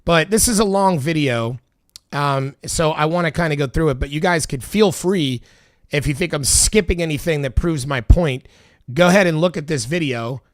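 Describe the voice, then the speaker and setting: A man's voice: fairly high pitch, normal speed, no room sound, studio quality. A man giving casual, heated political commentary as he reacts to video clips, swearing and arguing with his viewers. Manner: exasperated, heated, swears often. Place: Los Angeles.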